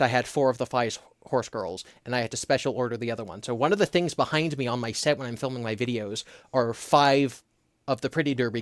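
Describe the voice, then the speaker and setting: A man hosting a casual livestream, telling a story with animated energy and quick put-on voices. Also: medium pitch, no echo, clean studio sound. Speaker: host.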